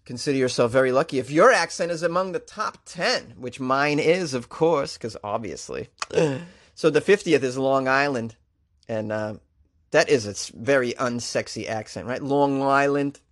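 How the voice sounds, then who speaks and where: A man's voice: medium pitch, moderate pace. Wry joking man with a Boston accent. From Boston area. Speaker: comedian and news show host. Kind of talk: comic news commentary.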